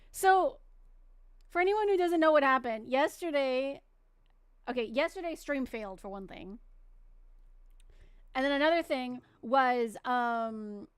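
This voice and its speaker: A woman streamer chatting casually with viewers, rambling and restarting her sentences, and softening into baby talk with her pet. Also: high-pitched, clear, resonant tone, no echo, studio quality.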